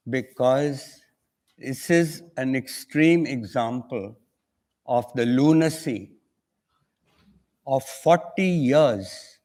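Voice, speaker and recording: A man's voice: mid-range voice, a little mellow. An older man from India with an Indian English accent, an author telling a story on a conference panel and acting out the voices of the people in it. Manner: acts out dialogue in an anecdote.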